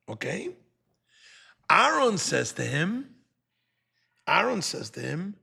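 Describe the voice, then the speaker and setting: A man's voice: sits high, sing-song, slow, vocal fry, long pauses, pushed and bright, husky. A man, a rabbi teaching a Torah class, animatedly dramatizing the text.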